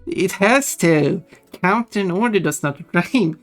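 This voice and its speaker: Streamer, slow easy chat, mid pitch, amused, faint music under it. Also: animated. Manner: chatty, musing, laughs often. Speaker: livestreamer reading chat. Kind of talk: casual livestream chat. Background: faint background music.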